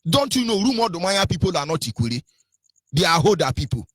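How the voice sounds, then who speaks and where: Man, Nigerian accent, scolding radio commentary, rhetorical questions, husky, fairly high-pitched. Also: sing-song, fast, a bit bright, no echo. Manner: scolding, repeats rhetorical questions, stumbles with fillers.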